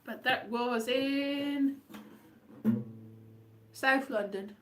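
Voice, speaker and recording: A woman's voice: high-pitched, extremely slow, fairly bright tone, soft background music. A woman comic poet rambling through a self-mocking monologue full of wandering asides.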